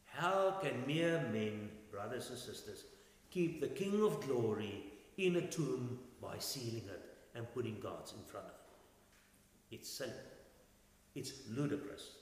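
A man preaching a sermon, swinging between loud and soft and asking rhetorical questions. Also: medium pitch, expressive, unhurried. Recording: echoey hall with long reverb.

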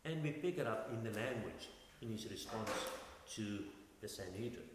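A man's voice: lowish voice, expressive, normal speed, background noise. Man preaching in an echoing hall. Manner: dramatic swings in loudness, rhetorical questions. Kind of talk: sermon. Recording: echoey hall with long reverb.

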